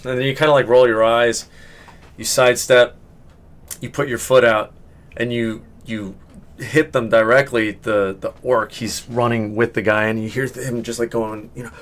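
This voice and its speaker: A man's voice: medium pitch, steady tone, moderate pace, a bit bright. A man narrating as game master of a tabletop game, rambling and often correcting himself.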